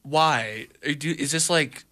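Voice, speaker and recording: A man's voice: fairly high pitch, unhurried, bright, forceful tone. A man hosting a comedic radio show, talking in a hesitant, rambling, flustered way. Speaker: radio host.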